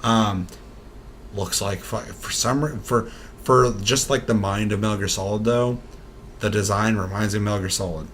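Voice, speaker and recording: A young man with a lowish voice rants about games on a casual podcast. He swears constantly and laughs between jabs. A faint hiss runs under the recording. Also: fairly even intonation, normal speed, fairly bright tone. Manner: profane, ranting, laughs often. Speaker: podcast co-host. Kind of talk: casual gaming podcast chat.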